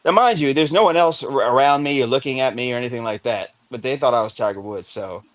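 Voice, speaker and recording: A man's voice: medium pitch, fast, no echo. A man hosting a late-night call-in. He tells a joking story and often laughs through his lines. His voice sits in the middle range, and the sound is dry and close. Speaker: host. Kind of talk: casual call-in chat.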